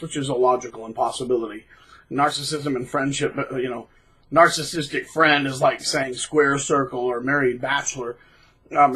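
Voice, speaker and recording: A man hosting his own channel, talking bluntly and casually, mocking people by acting out quotes in shrill put-on voices. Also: a bit bright, breathy edge, low-quality recording. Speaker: channel host. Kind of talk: casual monologue.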